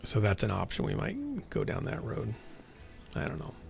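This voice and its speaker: An older man in his sixties with a low, gravelly voice rambles frankly through a casual stream chat. He keeps correcting himself and trailing off, with faint game music behind. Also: huge pitch swings, moderate pace.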